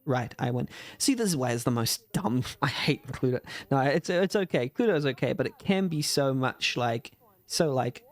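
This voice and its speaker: A man's voice: mid-range voice, expressive, fast, dry recording. A man casually commenting on a game he plays, chatty and wry, often laughing and restarting his sentences. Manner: chatty, giggly, restarts a lot, wry asides. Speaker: let's play gamer. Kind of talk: casual game commentary, reading dialogue aloud.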